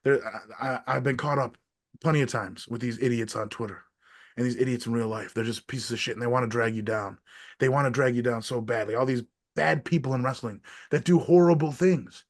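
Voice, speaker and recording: A man with an American accent, a wrestler and podcast guest, talking casually in a profane, ranting way that swings between loud outbursts and quiet asides. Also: mid-range voice, fairly quick. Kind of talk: casual interview chat.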